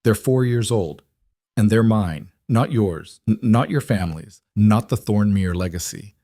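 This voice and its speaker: A man voicing a young woman who was wronged, speaking in a flat, clipped way. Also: on the low side, a little slow, dry recording, clean studio sound. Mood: defiant.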